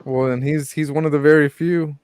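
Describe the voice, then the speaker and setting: Man, boxing podcast co-host, blunt profane storytelling, higher voice, dry sound. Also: fairly even intonation, a little fast, darkish tone, clear, resonant tone, no room sound. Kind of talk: casual boxing chat.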